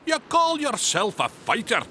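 A blustering, taunting male giant from a children's storybook, booming his challenges, as a woman reading aloud puts him on. The voice swings widely up and down, with a bright, forceful edge, and a faint hiss sits behind it. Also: sing-song, a little slow, full character voice. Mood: boastful. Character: boastful huge male Scottish giant.

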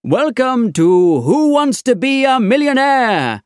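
A showy quiz show presenter, as a reader puts him on who announces in a raised, drawn-out voice. The delivery is grand and lively, recorded dry and close. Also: sits high, clean tone, no echo, pitched above the performer's own voice, full character voice. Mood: announcing.

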